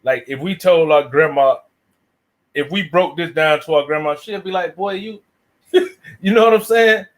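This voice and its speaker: Man, from the southern US, panel guest, reflective, slangy, somewhat high voice. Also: moderate pace. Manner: reflective, slangy, makes his points at length. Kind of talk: casual panel chat.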